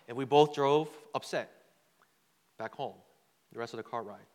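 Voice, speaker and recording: A man's voice: mid-range voice, a little fast, pauses often. A man giving a sermon with a personal story, talking loosely and conversationally, repeating words and asking the crowd "right?" as he goes. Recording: long hall reverb.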